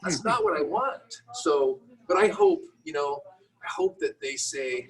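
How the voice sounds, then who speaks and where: A middle-aged man, a business owner, telling a candid, self-deprecating story with many halting restarts. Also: a little high, wildly swooping pitch, far from the mic, rough recording. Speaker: guest entrepreneur.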